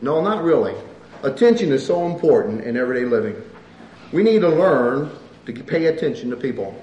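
A man preaching a sermon, swinging from loud, emphatic rises to quiet, low asides. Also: very animated, brisk, muffled recording. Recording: echoey room with faint ambience.

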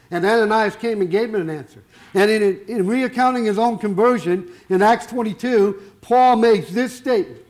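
A man preaching a sermon, firing rhetorical questions and stretching out the words he wants to stress. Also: very high-pitched.

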